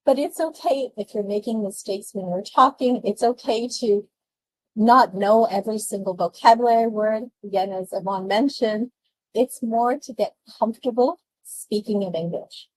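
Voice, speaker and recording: A woman presenting speaking tips in an online webinar, lively and chatty, laughing often as she talks with her hands. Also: on the high side, normal speed, no echo, low-quality recording. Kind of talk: presenting test-prep tips to an online audience.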